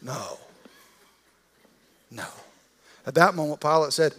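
A man's voice: on the high side, moderate pace, fairly bright tone. A man preaching a sermon, retelling a story in a casual, vivid, conversational way. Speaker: pastor.

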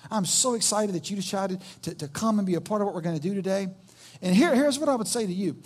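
High-voiced male pastor telling a story. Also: darkish tone. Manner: storytelling with acted quotes, halting restarts. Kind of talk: sermon.

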